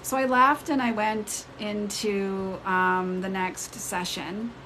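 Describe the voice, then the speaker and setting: A woman telling a personal story on a casual live stream. She retells it in an animated way and jumps up in pitch when she acts out the people in it. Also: slow pace, slight background noise, poor audio. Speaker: spiritual storyteller. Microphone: phone mic on a live stream.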